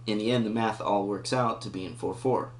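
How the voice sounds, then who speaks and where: Here a guitar teacher talks a little fast in a lowish, fairly even tone, thinking aloud about rhythm and counting the beats during a relaxed lesson. There's a little hiss or hum, and the roomy recording is dominated by his own loud guitar playing.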